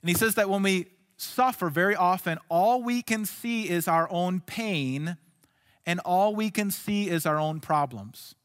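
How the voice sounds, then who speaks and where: Speaking a little slowly, a high-voiced male pastor gives an earnest sermon that shifts between hushed, soft passages and emphatic ones. His voice echoes with a large hall's long reverb.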